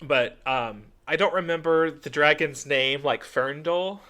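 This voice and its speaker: The speaker is a young podcast co-host with a fairly high, sharp voice and a measured pace. He's chatting casually, retelling a story and giving voice to the characters' lines.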